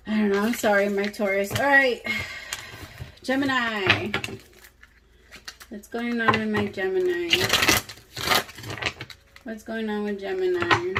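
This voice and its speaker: A woman's voice: mid-range voice, fairly even intonation, slow pace, pauses often, heavy background noise. A woman doing a casual tarot reading for her viewers, talking straight to them in a candid way and swearing freely. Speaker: tarot reader.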